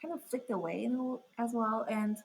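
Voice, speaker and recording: A woman's voice: a little high, moderate pace, gravelly, husky, rough recording. A young woman chatting as an interview guest, talking casually with lots of fillers. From Australia. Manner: chatty, full of "like" fillers and laughs. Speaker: guest artist.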